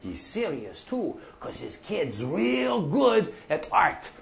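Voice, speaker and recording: An actor playing an older farmer off the drink who tells profane, folksy stories. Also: male voice, sits high, huge pitch swings, slow, vocal fry, full character voice. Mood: rambling. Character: older male prairie farmer off the drink, gruff storyteller. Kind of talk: monologue.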